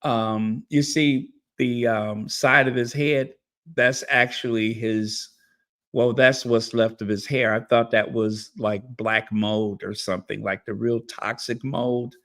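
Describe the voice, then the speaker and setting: Slow-talking man thanking his viewers. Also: medium pitch, fairly even intonation, fairly bright tone. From United States. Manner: slow, drawn-out, emotional and effusive with thanks. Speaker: channel host reading member messages. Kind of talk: live-stream chat reading.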